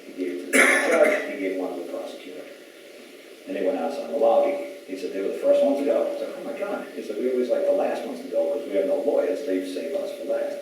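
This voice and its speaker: A man's voice: deep voice, lively intonation, quick pace. Man lecturing emphatically in an echoey hall. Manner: emphatic, retells exchanges in quoted voices. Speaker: speaker at a public talk. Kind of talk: storytelling lecture to a live audience. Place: large echoey event hall. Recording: echoey hall from far off, faint hiss.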